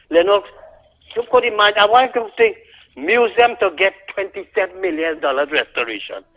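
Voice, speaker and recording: A man's voice: high-pitched, normal speed. Heated Trinidadian man on a phone line. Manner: heated, indignant. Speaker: caller. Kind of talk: call-in radio rant.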